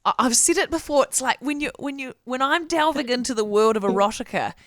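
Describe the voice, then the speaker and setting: A woman's voice: high-pitched, a little fast, a bit bright, no echo, clean studio sound. Giggly New Zealand woman radio host. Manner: chatty, giggly, candid. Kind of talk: casual radio chat.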